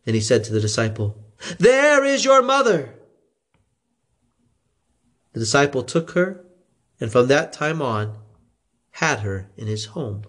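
A man reading scripture aloud in a slow, expressive way. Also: medium pitch, breathy edge. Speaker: scripture reader.

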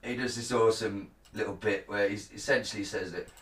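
A man co-hosting a casual chat, sweary and animated when telling stories, recorded in a roomy space from some distance. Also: fairly low pitch, fairly quick. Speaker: podcast co-host. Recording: roomy, far from the mic.

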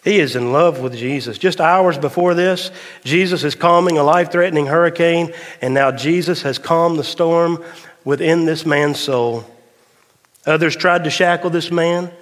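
A man, a pastor, preaching a sermon dramatically, rising louder and higher at climaxes and dropping low and slow for emphasis, with folksy asides. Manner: folksy, tells a dad joke. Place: church sanctuary. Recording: long hall reverb of a church.

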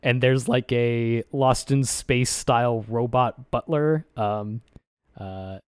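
Slow and medium-pitched, this man's voice has a darkish yet clean tone, with clean studio sound and no echo. He's co-hosting a laid-back podcast, rambling with many fillers and acting out quotes from shows he watched.

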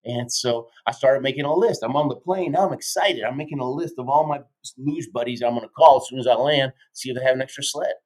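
Fifties male guest, lively motivational storyteller, keeps asking "right?", mid-range voice. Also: mid-range voice, fast, hardly any pauses, rough recording. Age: 50s. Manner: energetic, keeps tagging lines with "right?". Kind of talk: animated storytelling in a podcast interview.

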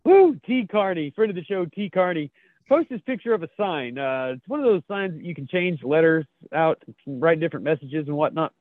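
A man's voice: a little high, very animated, moderate pace, dry recording. A man co-hosting a podcast, chuckling as he reads out memes in a casual, jokey chat. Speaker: podcast co-host. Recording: tinny phone-like line, dry.

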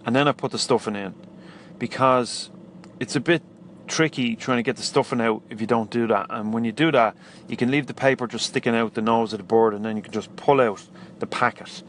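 A man's voice: medium pitch, steady tone, fairly quick, slight background noise. A man with an Irish accent hosting a podcast, talking casually and enthusiastically with plenty of restarts. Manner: chatty, rambling, enthusiastic, frequent restarts. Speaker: podcast host. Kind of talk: casual solo podcast talk.

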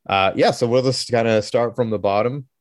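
A man's voice: medium pitch, normal speed, no echo, studio quality. A man in his thirties with a Canadian accent, co-hosting a podcast in casual, rambling, jokey chat. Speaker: podcast co-host.

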